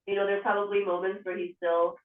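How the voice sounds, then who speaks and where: A woman's voice: medium pitch, flat delivery, fairly quick. Woman host, affirming and thoughtful, echoey phone sound, far off mic. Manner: affirming, reflective. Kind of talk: casual chat. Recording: tinny, echoey phone line from afar.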